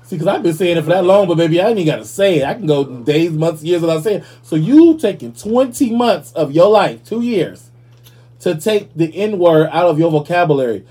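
Sassy podcast host, male, husky mellow voice sitting a little high, animated, swears freely. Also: a little fast. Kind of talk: casual commentary.

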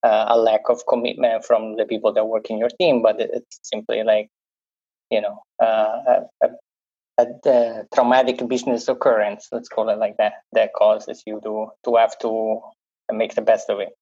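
A man with an Italian accent answers on a podcast panel, halting and full of fillers. His voice is mellow and fairly level in pitch. The recording sounds dull and lo-fi. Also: level tone, breathy edge. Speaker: panel guest.

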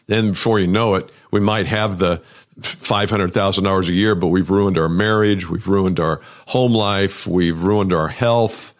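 Man, business coach, solo podcast talk, lower voice, conversational, emphatic repeats.

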